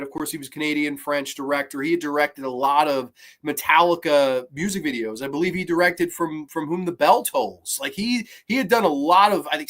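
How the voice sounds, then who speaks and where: A man hosting a horror movie review show, talking casually, swearing often and acting out scenes as he rambles through the plot. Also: on the high side. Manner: animated, swears often, acts out scenes in quotes; rambling with restarts and asides. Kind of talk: casual film review podcast.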